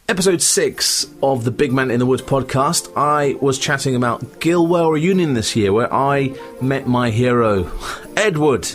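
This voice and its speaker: A man's voice: mid-range voice, animated, measured pace, faint music behind. A man hosting a casual solo podcast from his home, chatting in a rambling, easily distracted way as a Scout leader. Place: at home by a window.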